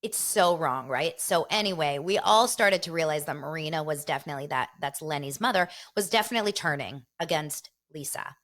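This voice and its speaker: A middle-aged woman hosting a casual gossip show, chatty and animated, talking straight to her viewers. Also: sits low, fairly quick, few pauses. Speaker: show host.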